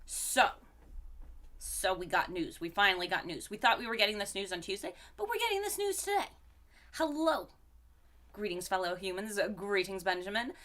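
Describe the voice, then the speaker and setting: A woman's voice: mid-range voice, big pitch swings, moderate pace, sharp tone. A woman streamer who is sick, chatting casually on a live stream and greeting viewers one by one in a bouncy way. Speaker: game streamer.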